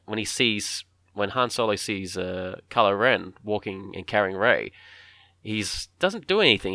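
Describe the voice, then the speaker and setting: Animated man with a bright, close sound. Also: fairly low pitch, no room sound. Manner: animated, acts out film lines in voices. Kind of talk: casual film discussion.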